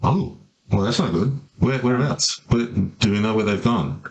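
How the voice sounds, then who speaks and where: A man's voice: on the low side, moderate pace, husky. A man playing a tabletop game, chatting casually and thinking aloud with hesitations. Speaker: player. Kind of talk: casual role-play chat.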